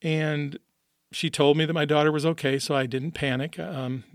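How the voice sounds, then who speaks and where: A man's voice: fairly high pitch, steady tone, moderate pace, no echo, clean studio sound. A middle-aged man from the American Midwest, hosting a podcast and telling a personal story in an earnest, openly emotional way. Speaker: podcast host. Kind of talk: personal monologue.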